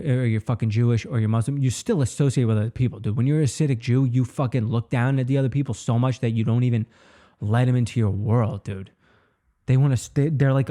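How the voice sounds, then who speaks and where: Rambling profane young man, mellow voice. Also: mid-range voice. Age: 20s. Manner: rambling, profane, says "dude" often. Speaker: comedian and podcast host. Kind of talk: casual solo podcast monologue.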